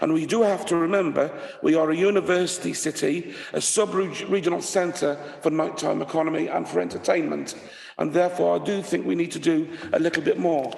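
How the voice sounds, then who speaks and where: A man with a croaky, gravelly voice addresses a council committee in a measured, formal way, reading his proposal aloud. His voice sits a little high. The room around him is echoey, with a long reverb tail. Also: fairly even intonation, darkish tone. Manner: reads out a motion, measured.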